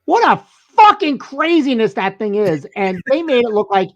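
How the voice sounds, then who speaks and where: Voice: mid-range voice, sing-song, normal speed, lo-fi sound. A podcast co-host in casual movie review chat, rambling and swearing with lots of restarts.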